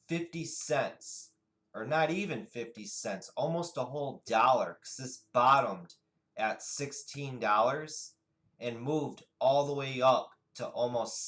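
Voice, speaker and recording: A man teaches day trading over a chart, talking at a slow and deliberate pace. His voice sits at an ordinary middle pitch. He moves steadily from one price level to the next as he explains. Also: poor audio. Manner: steady, unhurried chart narration with pointing phrases. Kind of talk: screen-share chart walkthrough.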